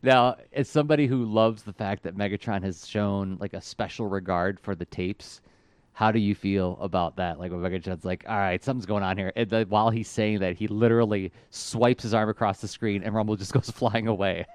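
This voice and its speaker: A man's voice: lowish voice, fairly even intonation, moderate pace, a little mellow, clean tone, dry recording. A man co-hosting a podcast, chatting enthusiastically with lots of fillers. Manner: enthusiastic, many "like" fillers, laughs often. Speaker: podcast co-host. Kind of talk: casual enthusiastic chat.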